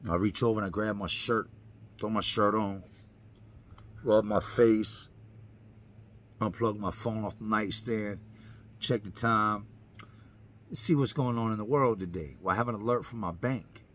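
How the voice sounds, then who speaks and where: A man's voice: on the low side, a little slow, pauses often, a bit bright. A man, a YouTuber, telling his own story in an earnest, emphatic way, repeating lines for effect. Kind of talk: personal storytelling to camera.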